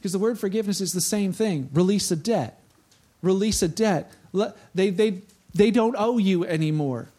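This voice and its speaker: A man's voice: high-pitched, normal speed, dark tone. A male pastor preaching a sermon in a conversational, chatty way. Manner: conversational, chatty, with frequent "like" asides.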